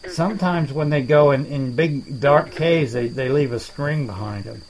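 A man voicing a rambling, self-deprecating alligator in a swamp, talking in halting starts in a comedy dialogue. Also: mid-range voice, a little mellow, close to an everyday voice, rough recording. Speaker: main character of a comedy podcast.

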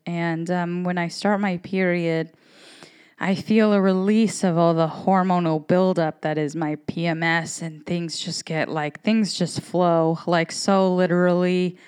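A woman's voice: fairly low pitch, clean tone. A woman in her thirties hosting a podcast, talking in a candid, rambling, profane way. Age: 30s. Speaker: podcast host. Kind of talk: casual monologue.

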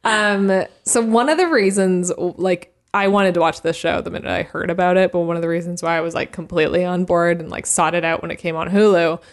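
A woman's voice: lowish voice, fairly even intonation, fairly quick, few pauses. A woman guest on a podcast, chatting casually and enthusiastically with many fillers. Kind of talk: casual chat.

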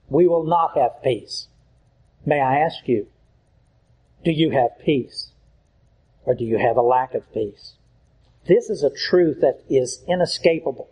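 A man's voice: mid-range voice, darkish tone, husky, low-quality recording. A man preaching a sermon as pastor, earnest and pleading, often repeating his key lines for emphasis.

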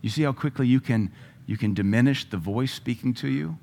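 A middle-aged man preaching a sermon, emphatic, with loud bursts when he quotes scripture. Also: mid-range voice, brisk, gravelly.

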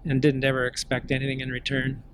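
A man being interviewed, recounting family memories in a gentle, unhurried way. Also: mid-range voice, completely flat delivery, a little hiss or hum. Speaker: interview guest. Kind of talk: storytelling in an interview.

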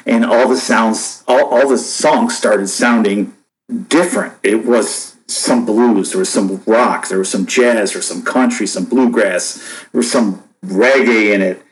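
A man in his fifties from upstate New York, a podcast guest telling stories in a relaxed, rambling way with lots of fillers. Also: lowish voice, a little slow, poor audio. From Buffalo, New York, USA. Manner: rambling, laid-back, many fillers and restarts. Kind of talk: casual storytelling chat.

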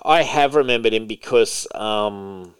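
A man's voice: on the low side, unhurried, clear, resonant tone, dry recording. A man co-hosting a casual podcast chat, rambling with lots of fillers and restarts and swearing freely. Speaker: podcast co-host.

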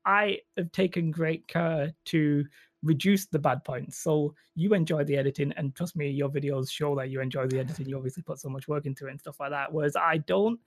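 A man's voice: fairly high pitch, fairly even intonation, a little fast, no echo. A man with a Northern English accent, chatting casually as a podcast guest in a rambling, self-deprecating way. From Northern England. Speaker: guest YouTuber.

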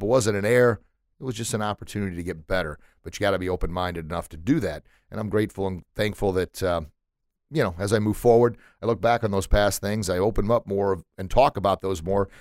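Low-voiced earnest man, dry sound. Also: no echo. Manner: earnest, repeats words while searching for them; animated, acts out children's reactions. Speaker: former teacher turned motivational speaker. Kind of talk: casual motivational talk.

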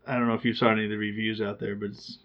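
A man's voice: fairly low pitch, flat delivery, very fast. Chatty man on a lo-fi recording. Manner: chatty, rambling, laughs at his own stories. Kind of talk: casual chat. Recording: slightly dull lo-fi sound.

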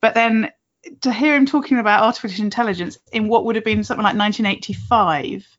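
A woman in her late forties hosts an interview, speaking reflectively at a middle pitch and laughing easily. The recording is dull and lo-fi. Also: quick pace. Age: late 40s. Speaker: interviewer, podcast host. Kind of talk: casual interview chat.

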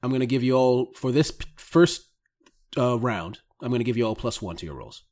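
A man's voice: medium pitch, lively intonation, fairly quick, a little mellow. A man narrating as game master of a tabletop role-playing game, easygoing and often laughing.

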